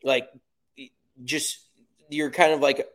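Man, American, casual golf podcast chat, blunt, swears freely, middle pitch. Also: little pitch movement, takes it slowly, a bit bright. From United States. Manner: blunt, profane ranting.

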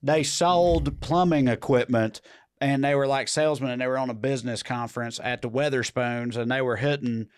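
A man's voice: mid-range voice, steady tone, moderate pace, clear, resonant tone. A man co-hosting a podcast, rambling through crude jokes and stories in casual banter. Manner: crude, joking, rambling storyteller. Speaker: podcast co-host.

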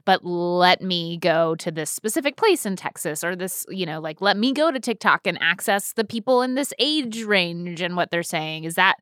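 Rambling woman co-host with a smooth, dry voice. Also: on the low side, animated, normal speed, few pauses, a bit bright, no room sound. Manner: rambling, filler-heavy questioning. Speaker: podcast co-host. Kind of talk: casual podcast chat.

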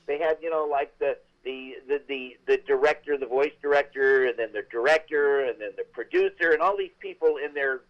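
An older man, a veteran actor, telling stories as an interview guest in a chatty, animated way with many restarts. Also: medium pitch, brisk, few pauses, lo-fi sound. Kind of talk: interview storytelling.

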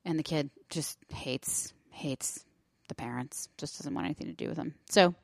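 A woman's voice: low-pitched, normal speed, creaky, dry recording. Wry woman cracking dry jokes. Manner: wry, joking asides. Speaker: podcast co-host, parent. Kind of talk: casual chat.

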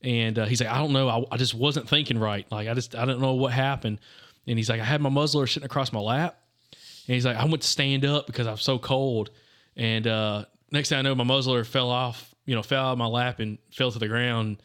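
Casual male co-host, rambling storyteller who keeps saying "dude", mid-pitched voice. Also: fairly even intonation, quick pace, a bit bright. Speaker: podcast co-host. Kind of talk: casual hunting chat.

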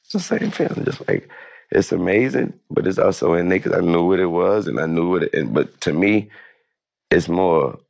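A man with a very low, gravelly voice talks through a relaxed interview. His delivery is loose and rambling, and he often restarts his sentences and fills the gaps with fillers. He comes across as an easygoing guest. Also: moderate pace, no room sound. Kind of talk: casual interview talk.

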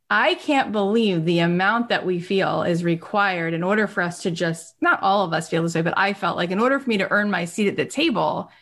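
Candid woman podcast host. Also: medium pitch. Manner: emotional, candid storyteller with rising excitement. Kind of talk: casual conversational interview.

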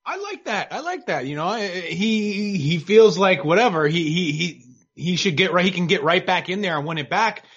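A man's voice: high-pitched, normal speed, fairly bright tone, husky. A man co-hosting a boxing podcast, rambling and joking in casual chat. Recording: dull lo-fi sound.

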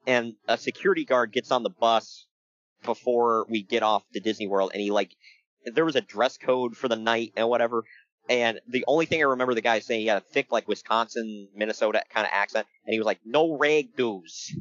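A man's voice: mid-range voice, fairly even intonation, fairly quick, fairly bright tone, no echo, dull audio. A man co-hosting a podcast, recapping wrestling in a jokey casual chat, laughing often.

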